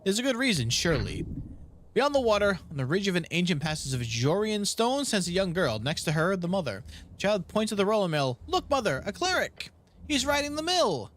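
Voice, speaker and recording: A man's voice: high-pitched, sing-song, brisk, a little hiss or hum. A young man playing a game on video, reading its text aloud and reacting with laughs and groans at failed rolls. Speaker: gaming video creator.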